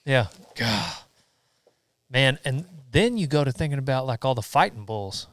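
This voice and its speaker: A man's voice: mid-range voice, animated, moderate pace, fairly bright tone, dry recording. A man hosting a casual chat, laid-back, filling his talk with "like" and "dude".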